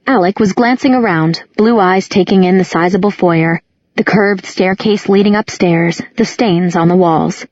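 A woman narrating an audiobook in a measured, descriptive manner. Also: mid-range voice, a little mellow, no room sound, highs cut off. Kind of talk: scripted narration.

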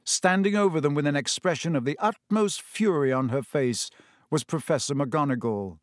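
A man narrating a storybook with a lively, expressive reading. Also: a little high, normal speed, dry recording, studio quality. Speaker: audiobook reader.

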